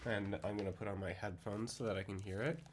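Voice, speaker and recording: A man teaching how to set a poem to music, thinking aloud with many pauses and fillers, sometimes speaking words slowly in rhythm. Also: on the low side, steady tone, slight background noise. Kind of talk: screen-share tutorial on setting a poem to music.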